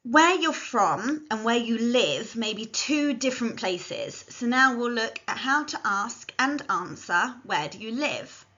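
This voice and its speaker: A woman language teacher delivers a scripted lesson, carefully modelling phrases for learners to repeat. Her fairly high voice is expressive, pushed and bright, unhurried, with hardly any pauses. The recording sounds dull and lo-fi.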